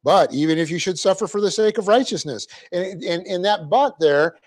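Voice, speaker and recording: A man teaching a Bible class, dictating the verse and its punctuation slowly and adding joking asides. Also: high voice. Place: church classroom.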